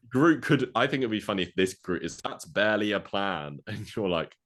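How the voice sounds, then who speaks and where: A man co-hosting a podcast, rambling through a movie plot pitch with lots of fillers and acted-out quotes. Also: expressive, measured pace. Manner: rambling, filler-heavy, acts out quoted lines. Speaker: podcast co-host.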